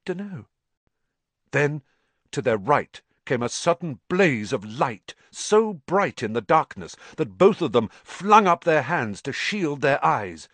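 A man reading a story aloud as an audiobook narrator in an expressive, dramatic way. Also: on the high side, takes it slowly, no echo.

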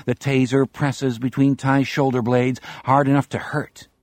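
A man reading an audiobook in a measured, dramatic narrating style. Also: mid-range voice, level tone, no echo.

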